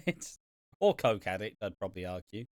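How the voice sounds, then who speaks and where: A man's voice: on the low side, very animated, normal speed, no room sound, studio quality. A man co-hosting a wrestling podcast, chatting casually, swearing freely and laughing often. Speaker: podcast co-host. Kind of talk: casual wrestling review chat.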